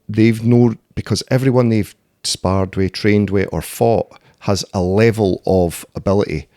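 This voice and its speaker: A man's voice: lowish voice, vocal fry, darkish tone, dry recording, clean studio sound. A man in his thirties with a Scottish accent, telling stories bluntly and swearing freely as a podcast guest. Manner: blunt, sweary storytelling with frequent "eh" and "mate". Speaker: podcast guest, MMA fighter and doorman. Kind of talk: casual conversational interview.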